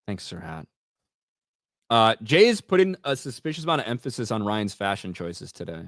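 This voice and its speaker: A man's voice: on the low side, sing-song, brisk, fairly bright tone, dry recording, studio quality. A young man co-hosting a casual podcast chat, blunt and dismissive, swearing freely. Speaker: co-host.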